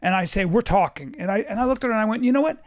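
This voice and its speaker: High-voiced man telling animated stories. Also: racing. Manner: animated, swears a lot, acts out quotes. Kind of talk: casual chat, storytelling.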